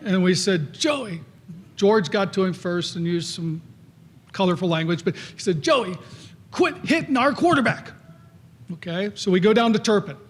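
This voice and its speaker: Middle-aged guy, high-ish voice, rambling coaching stories at an induction. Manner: folksy storyteller, acts out quoted coaches. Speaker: hall of fame inductee giving a speech. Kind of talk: anecdotal acceptance speech.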